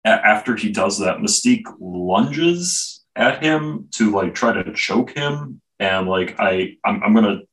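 A man co-hosting a casual comic book podcast, laid-back and halting, with many fillers. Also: fairly low pitch, lively intonation, a bit bright, distant mic, low-quality recording. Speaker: podcast co-host. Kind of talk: casual chat reviewing comics.

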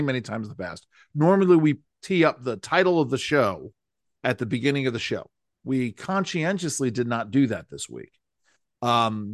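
A man's voice: medium pitch, dry recording, clean studio sound. A man co-hosting a political podcast, talking emphatically and driving the conversation. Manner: emphatic, rising to anger. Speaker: podcast co-host.

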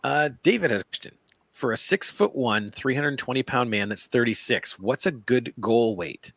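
A man's voice: mid-range voice, lively intonation, moderate pace, gravelly, a bit bright, no room sound. A man reading listener questions and comments aloud to the host, often laughing, a little away from the mic.

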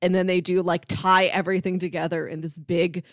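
A woman's voice: lowish voice, little pitch movement, fairly quick, dry recording, studio quality. A woman co-hosting a podcast, chatting casually and analytically about a sitcom, often laughing. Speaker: podcast co-host. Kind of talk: casual chat.

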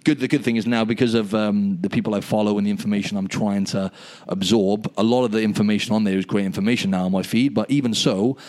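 A man co-hosting a podcast over a video call, chatting in an animated storytelling way and saying "mate" often. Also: lowish voice, fast. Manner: animated storyteller, says "mate" and "you know what I mean" a lot. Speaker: podcast co-host.

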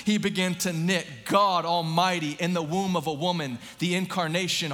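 A man preaching a sermon, fervent and calling out to his congregation, at times rising to shouting. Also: sits high, steady tone, normal speed. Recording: long hall reverb.

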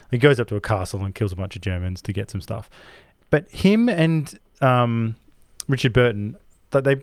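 A man's voice: mid-range voice, darkish tone, no echo, clean studio sound. A man co-hosting a casual film podcast, talking enthusiastically and rambling with frequent asides and swearing. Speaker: podcast co-host.

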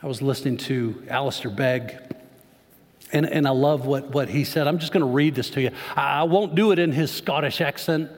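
Speaking at medium pitch and normal speed, a pastor preaches to his congregation. He talks conversationally and asks the crowd questions, his voice carrying long reverb through the church sanctuary.

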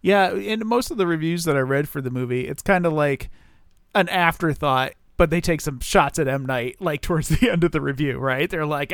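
Brief: middle-aged male podcast co-host, rambling and laughing, slightly high voice, dry close mic. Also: normal speed, clear, resonant tone, no echo. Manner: rambling, laughing, filler-heavy. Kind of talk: casual chat.

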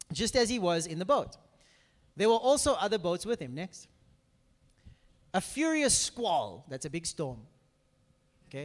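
A man preaching a sermon in a hall, animatedly acting out dialogue and asking the room questions. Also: high-pitched. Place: church hall. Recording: long hall reverb.

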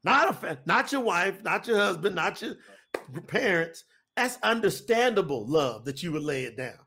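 Preacher, man in his 50s, high-pitched and lively, folksy, repeats himself for emphasis. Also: normal speed, husky. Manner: animated, folksy, repetitive. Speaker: preacher and co-host. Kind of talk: preaching talk to an audience.

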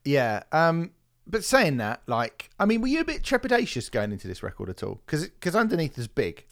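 Animated man ranting casually. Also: a little high, a little fast, creaky. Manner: animated, swearing, mocks critics in quoted voices. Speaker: podcast host. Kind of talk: casual podcast chat.

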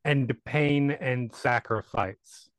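A man's voice: mid-range voice, very slow, dry recording, poor audio. A man playing a tabletop horror game, describing his character and laughing often. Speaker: player. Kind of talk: casual tabletop play and narration of own character.

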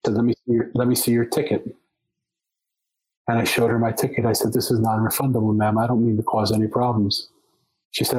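A man's voice: on the low side, a little mellow, breathy edge, low-quality recording. A man, a podcast guest, telling a long story in conversation, often restarting and repeating words as he goes.

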